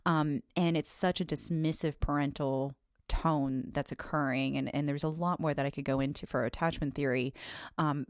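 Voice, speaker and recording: Woman psychologist guest, low and dry, earnest clinical explainer. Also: no room sound. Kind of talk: explanatory podcast talk.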